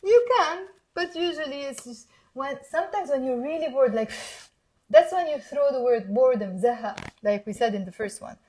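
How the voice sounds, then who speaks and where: A Lebanese woman teaching her dialect in a live online lesson, in English with Arabic words, coaxing viewers to repeat after her and slowing down to spell words out. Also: sits high, lively intonation, a little mellow.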